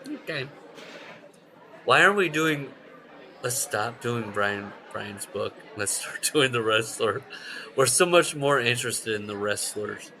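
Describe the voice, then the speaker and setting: A man's voice: medium pitch, slow pace, poor audio. A man co-hosting a podcast in casual chat, telling stories with plenty of swearing and acting out what others said. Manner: animated storyteller, swears, acts out quoted lines. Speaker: podcast co-host. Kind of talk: casual chat about wrestling.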